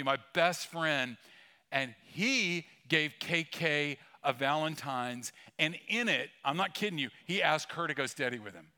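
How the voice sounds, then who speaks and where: Bright-voiced man preaching with humor. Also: a little high, a little slow, clean tone. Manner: conversational storytelling with humor. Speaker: pastor. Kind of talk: sermon. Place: church sanctuary.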